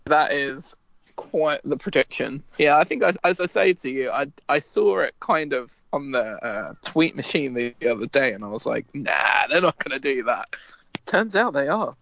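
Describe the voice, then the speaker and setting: Gravelly, joking podcast co-host man. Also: mid-range voice, expressive, normal speed, a bit bright, no room sound. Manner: joking, swears, slips into mock Cockney bits. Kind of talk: casual gaming podcast banter.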